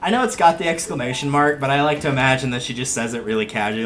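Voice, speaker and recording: A man's voice: mid-range voice, very fast, fairly bright tone, a little hiss or hum. A man giving casual gameplay commentary on a livestream, chatty and wry, joking as he plays.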